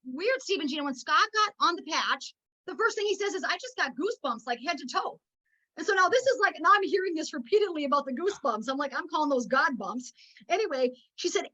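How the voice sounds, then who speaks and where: High, bright-voiced passionate woman. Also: muffled recording. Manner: passionate, preachy, emotional. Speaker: network marketing team leader. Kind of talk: motivational meeting talk.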